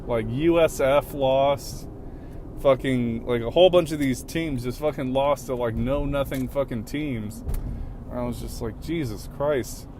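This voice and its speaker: A man's voice: mid-range voice, unhurried. Swearing young man talking while driving. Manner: profane rambling, flares into shouting at other drivers. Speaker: podcast host. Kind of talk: casual solo podcast while driving. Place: in a car on city roads. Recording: faint traffic noise from a car.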